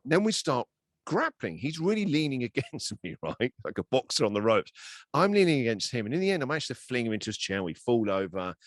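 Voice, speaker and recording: Animated man telling stories, lively pitch. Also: dry recording, clean studio sound. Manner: lively anecdotes, acting out both sides of conversations. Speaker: radio host and interview guest. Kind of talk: animated storytelling in an interview.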